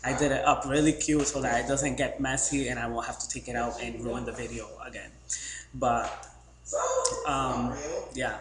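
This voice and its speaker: A man's voice: medium pitch, level tone, normal speed. A man from the Boston area telling a rambling, joking story to his camera with lots of fillers. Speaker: vlogger. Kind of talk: casual storytelling vlog. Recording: echoey room, faint background hum.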